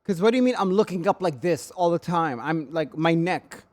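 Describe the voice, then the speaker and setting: A young male streamer with a slightly higher voice rants in casual live-stream chat. He talks in an irritated, sweary way and keeps repeating the same questions. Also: lively intonation, normal speed.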